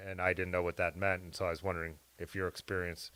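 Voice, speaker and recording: A man hosting a casual live stream conversation. He has a low voice and wanders through long questions in a loose, conversational way. The recording is dry and close, with no room echo. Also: flat delivery, fast talker, a bit bright. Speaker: host. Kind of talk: casual chat.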